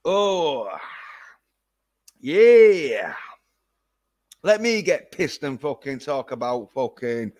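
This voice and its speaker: A man's voice: on the high side, big pitch swings, very slow, long pauses, darkish tone. A man ranting profanely in a casual livestream. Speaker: vlogger.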